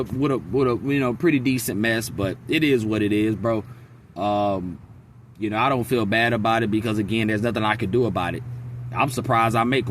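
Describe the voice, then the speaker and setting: Blunt, bright-voiced man venting. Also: mid-range voice, slight background noise. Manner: blunt, venting, profane, animated storytelling. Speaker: vlogger. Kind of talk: casual vlog monologue. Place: outdoors in a wooded area near a freeway.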